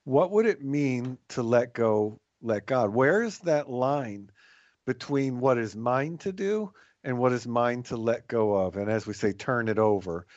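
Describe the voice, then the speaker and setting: A man co-hosting a reflective spiritual talk about recovery, speaking in a thoughtful, measured way with some restarts. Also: mid-range voice, animated, darkish tone, no room sound, muffled recording. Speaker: podcast co-host in recovery.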